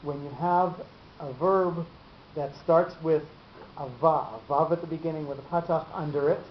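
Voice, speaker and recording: A man teaching a class on Torah reading marks. He talks haltingly, with many fillers and repeated words. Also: on the high side, fairly even intonation. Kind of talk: explaining cantillation marks in a class. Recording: dull echoey room recording with hiss.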